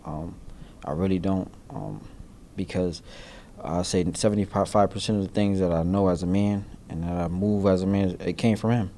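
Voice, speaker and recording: A man in his thirties answering interview questions reflectively, halting and searching for words with many fillers. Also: low voice, fairly even intonation, warm tone, slight background noise. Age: 30s. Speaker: interviewee in a news feature.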